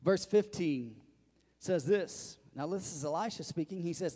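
A man's voice: a little high, lively intonation, measured pace, mellow, long reverb tail. A male pastor preaching a sermon, asking the congregation questions and calling for their responses.

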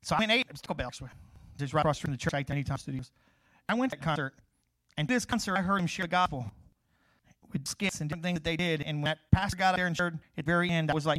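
High-voiced fast-talking man preaching. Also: no room sound, rough recording. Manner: swings from loud preaching to quiet asides; storytelling with humor and laughs. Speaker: pastor. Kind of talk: sermon.

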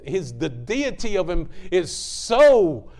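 Fervent preacher man, fairly high. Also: very animated, slow, darkish tone. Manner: fervent, folksy, keeps apologizing for tangents. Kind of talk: sermon.

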